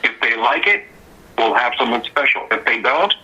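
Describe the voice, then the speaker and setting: Bright, husky male musician telling stories. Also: mid-range voice, normal speed, lo-fi sound. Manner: animated anecdotal storyteller. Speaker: musician guest. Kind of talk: casual storytelling interview.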